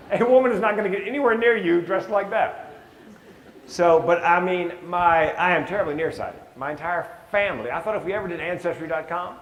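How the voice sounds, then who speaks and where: A wry comedian in his sixties tells stories in a relaxed, conversational way, now and then slipping into the voices of people he quotes. His voice sits a little high for a man. The talk rings through a large, echoey hall with a long tail of reverb. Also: a little hiss or hum. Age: 60s. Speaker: stand-up comedian giving a talk. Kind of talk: storytelling talk with slides.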